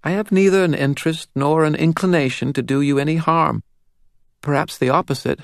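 A man voicing a serious seven-year-old girl with a faint British accent and a steady, assured, formal way of speaking. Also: a little high, fairly quick, vocal fry, no room sound, studio quality, voice pushed up. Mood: solemn. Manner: formal, solemn diction. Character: serious girl about seven, calm and ancient power.

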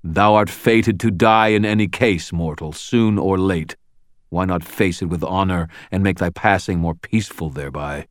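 A huge fae gruff that rumbles and growls, speaking in stiff archaic phrases, as a male narrator puts him on. The voice sits very low and is recorded dry and close. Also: moderate pace, no room sound, close to an everyday voice. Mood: menacing formal. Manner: formal archaic speech, growling.

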